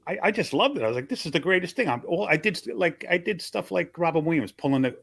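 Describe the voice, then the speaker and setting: A rapid-fire older man from Long Island tells old stories with a comedian's timing, breaking into quick character voices as he goes. His voice sounds close and dry, with no room around it. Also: fairly high pitch, vocal fry, dry recording. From Long Island, New York. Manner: animated, acts out voices of people in his stories. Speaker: comedian guest telling stories. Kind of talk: casual storytelling interview.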